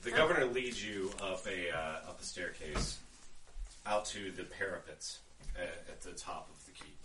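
A man running a tabletop game as game master, narrating in a relaxed way with many fillers. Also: sits low, moderate pace, reverberant, recorded from a distance, background noise.

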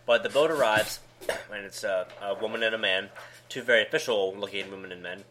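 A man's voice: lowish voice, a little fast, a bit bright, a little hiss or hum. A man co-hosting a podcast, thinking aloud and floating theories while recapping a manga. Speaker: podcast co-host. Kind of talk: casual chat recapping a manga.

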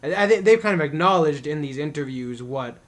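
A man's voice: a little high, expressive, a little fast. Laid-back teasing man co-host. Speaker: podcast co-host. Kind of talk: casual chat.

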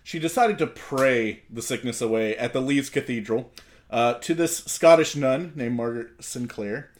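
Male co-host at a middle pitch, steady and laughs easily. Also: normal speed. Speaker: podcast co-host. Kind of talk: casual comedic chat.

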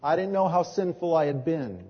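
A man's voice: a little high, animated, normal speed, husky. A man preaching a sermon, telling earnest stories and acting out the dialogue. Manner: earnest storytelling, acts out quoted dialogue. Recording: dull lo-fi audio with long hall reverb.

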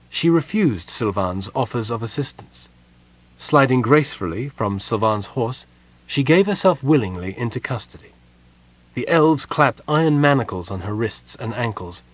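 A man narrating a fantasy audiobook in a steady, even storytelling voice. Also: medium pitch, dry recording. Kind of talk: scripted narration.

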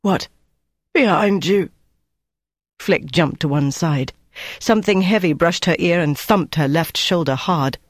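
A man reading a novel aloud in steady, measured scripted narration. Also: on the high side, dry recording, clean studio sound. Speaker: audiobook narrator.

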